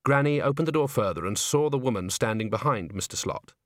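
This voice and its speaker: A man narrating a story aloud in an expressive, scripted reading. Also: medium pitch, brisk, no echo, clean studio sound. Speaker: audiobook narrator.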